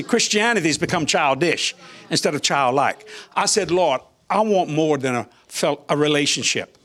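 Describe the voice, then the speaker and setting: An older man recounts a testimony as a guest minister. His voice sits high and swings widely in pitch. He chuckles often and acts out the voices he quotes. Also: a bit bright. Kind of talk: testimony storytelling in an interview.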